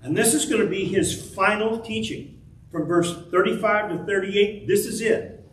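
A man's voice: high-pitched, moderate pace. A man teaching a casual Bible class, talking conversationally and acting out the quoted speech in the story. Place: church classroom. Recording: roomy, distant mic, faint room noise.

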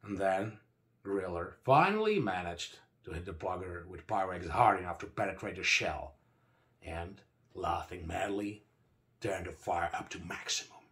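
Man narrating an audiobook in a low voice. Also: fairly bright tone. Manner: dramatic storytelling, slows for emphasis. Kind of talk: first-person audiobook narration.

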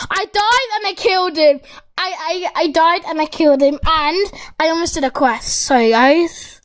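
A school-age girl giving excitable, rambling gameplay commentary as a gaming YouTuber, talking straight to her viewers. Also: very high voice, normal speed, poor audio.

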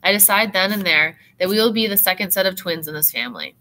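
A woman teacher reading a novel aloud in steady, expressive first-person narration. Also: medium pitch, quick pace.

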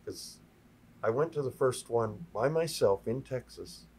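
A man in his sixties from Minnesota, a sign painter telling lively stories as a podcast guest. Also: medium pitch, unhurried, husky. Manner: lively anecdotes, acting out other people's lines in a raised voice. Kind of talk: storytelling in a podcast chat.

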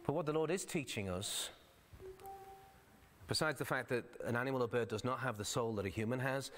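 A man's voice: mid-range voice, fairly quick, a bit bright, a little hiss or hum. Man, pastor, sermon, conversational explanatory delivery, old-fashioned scripture readings, church sanctuary with long reverb.

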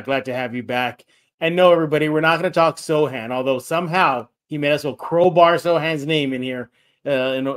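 Energetic sports podcast host, man. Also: on the high side. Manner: energetic, rambling, repeats himself. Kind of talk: sports podcast talk with read ads.

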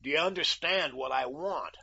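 A man's voice: on the high side, normal speed, vocal fry, pushed and bright, slightly rough, full character voice. A man voicing a brash, self-assured young American who bargains coolly and mocks, on a dull lo-fi recording. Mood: firm, cool. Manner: cool, bargaining and mocking. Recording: dull lo-fi audio.

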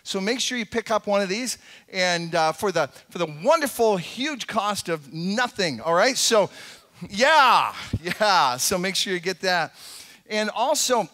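High, bright-voiced male pastor. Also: lively intonation, unhurried. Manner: casual, rambling with many fillers and restarts; soft, low prayer voice. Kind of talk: sermon. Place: church sanctuary.

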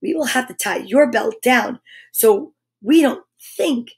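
A woman voicing a kind, sensible female toy bear in a storybook, with a gentle, earnest manner. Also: on the high side, lively intonation, a little slow, husky, heavily acted.

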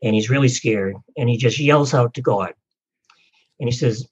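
Guest author, male, husky and easygoing, slightly muffled recording. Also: medium pitch, moderate pace. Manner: relaxed storytelling, frequent uh fillers. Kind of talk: podcast interview.

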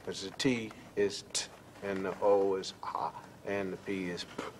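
A man narrating children's educational television, deliberately sounding out letters one by one. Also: low voice, little pitch movement, a little hiss or hum.

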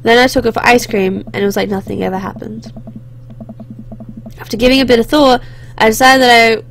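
A woman's voice: fairly high pitch, steady tone, a little fast, vocal fry, slight background noise. A young woman hosting a let's play, reading a visual novel aloud with chatty, reflective asides.

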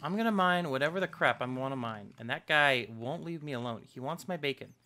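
A man giving casual let's-play commentary as host of a gaming channel, excitable, yelping and trash-talking the enemies on his screen. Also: a little high, fairly quick. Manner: excitable, yelps and trash-talks game enemies.

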